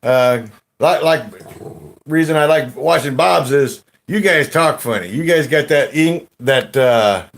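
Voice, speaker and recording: A man hosting a casual gold panning chat, rambling in a slow, folksy drawl with slangy grammar, laughing often while drinking beer. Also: on the high side, a bit bright. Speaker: gold panning channel host.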